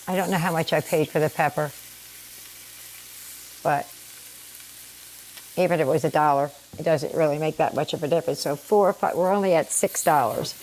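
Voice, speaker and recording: In her home kitchen, with a pan sizzling, this middle-aged channel host talks viewers through each step of a recipe in a casual vlog. Her voice sits low with a darkish tone, slightly scratchy from allergies, at normal speed with long pauses.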